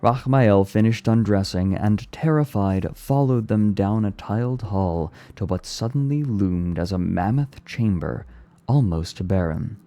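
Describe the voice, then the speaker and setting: A man streaming himself reading a novel aloud in a measured, deliberate way. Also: lowish voice, mellow, no room sound. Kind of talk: read-aloud storytelling.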